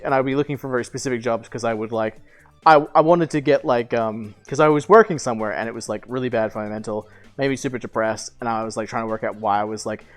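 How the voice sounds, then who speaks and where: A young man in his twenties streaming, telling a long personal story in casual chat, rambling with fillers, restarts and casual swearing. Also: medium pitch.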